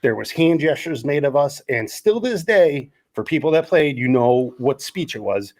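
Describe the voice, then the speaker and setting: A man around fifty from Wisconsin, co-hosting a podcast and telling stories in a casual, animated way, acting out the dialogue as he goes. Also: on the high side, normal speed. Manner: animated storyteller, acts out quoted dialogue. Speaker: podcast co-host, former college lineman. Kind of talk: casual storytelling chat.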